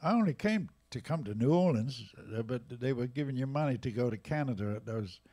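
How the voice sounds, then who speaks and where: A man in his eighties with an English accent, casually telling jazz stories at a live museum event, lively and animated in his retelling. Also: medium pitch, a little fast. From England. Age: 80s. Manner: lively, animated retelling with raised voices for quotes. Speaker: jazz drummer and storyteller guest. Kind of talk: casual anecdotal storytelling.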